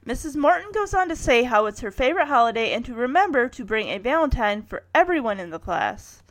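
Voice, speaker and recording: A woman's voice: a little high, big pitch swings, a little fast, dry recording. A woman in her thirties casually recapping a TV episode, with wry personal asides and chuckles.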